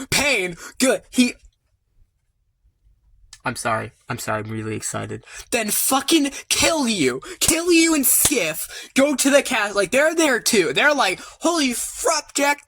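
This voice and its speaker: A man rambling excitedly about his own story ideas, swearing often and getting loud when worked up. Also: high-pitched. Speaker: creator rambling about his original characters. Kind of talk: excited casual monologue.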